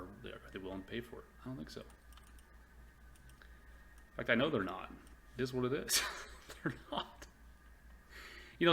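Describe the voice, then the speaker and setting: A man's voice: medium pitch, bright, forceful tone. A man hosting a casual stock commentary video, chatty and rambling with lots of fillers and restarts. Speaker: stock investing video host.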